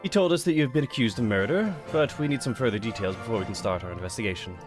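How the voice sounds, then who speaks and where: A man voicing an earnest, businesslike male bird lawyer in a brisk, formal manner. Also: lowish voice, over music, close to an everyday voice. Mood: determined.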